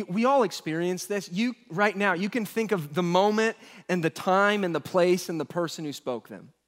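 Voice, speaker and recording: A man in his thirties delivers a sermon with a high, light voice. He tells funny, self-mocking stories and acts out the voices of the people in them. The sound rings with the long reverb of a large hall. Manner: humorous storytelling, acts out quoted voices. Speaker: pastor.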